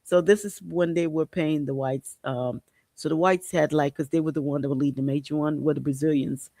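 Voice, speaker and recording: Blunt gravelly podcast man. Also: on the high side, steady tone, fairly quick, dark tone, dry recording. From Haiti. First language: Haitian Creole. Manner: blunt, profane, rambling with many restarts. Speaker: podcast host. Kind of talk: casual opinion commentary.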